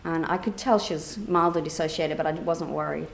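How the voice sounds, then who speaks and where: A woman therapist giving a conference keynote, telling a personal story in a lively way, acting out quoted dialogue with many fillers. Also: deep voice, a little fast, gravelly, a little hiss or hum.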